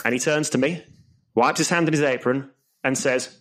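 A man's voice: medium pitch, fairly quick. A man doing a stand-up comedy routine as compere, telling long joke stories. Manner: lively storytelling with put-on voices for characters.

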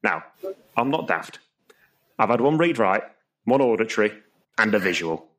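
A man's voice: lowish voice, normal speed. A man doing a stand-up comedy routine as compere, telling long joke stories. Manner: lively storytelling with put-on voices for characters.

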